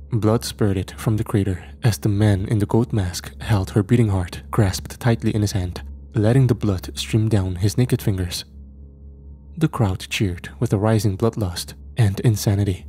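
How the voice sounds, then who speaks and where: Low, mellow male horror narrator. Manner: measured, grim storytelling.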